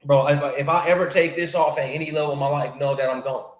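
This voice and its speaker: A man with a fairly high voice hosts a loose, animated chat, leaning on slang and circling back on his own phrases. The room has a clear echo around him. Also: fast talker. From North America. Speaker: podcast host. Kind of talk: casual conversation. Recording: echoey room.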